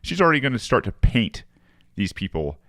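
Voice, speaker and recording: A man co-hosting a podcast in casual political chat, animated and often repeating words as he gets going. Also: medium pitch, fairly quick, no room sound, clean studio sound. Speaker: podcast co-host.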